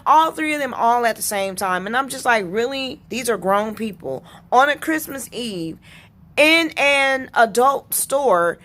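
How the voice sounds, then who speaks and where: A woman vlogger telling a personal story in an indignant, unhurried way, with pauses and restarts. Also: medium pitch, fairly bright tone.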